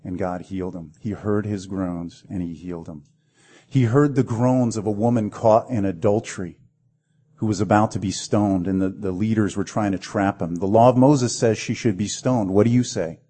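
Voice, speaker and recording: A man's voice: on the low side, steady tone, normal speed, mellow, slightly rough. A man preaching a sermon with dramatic delivery, acting out the voices in the stories he tells. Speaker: pastor.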